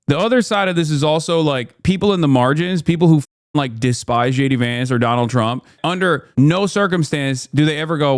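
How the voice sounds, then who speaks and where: A man streaming casual political commentary, reacting to clips in a blunt, incredulous, animated way. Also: on the high side, brisk, no echo, studio quality.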